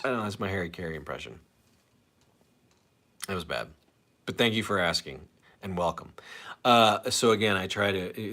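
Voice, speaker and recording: A man with a fairly low voice hosts a casual live stream from a home setup. He rambles loosely and pokes fun at himself while reading viewer comments aloud. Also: fairly bright tone. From St. Louis area, USA. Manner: rambling, self-deprecating, reads comments aloud.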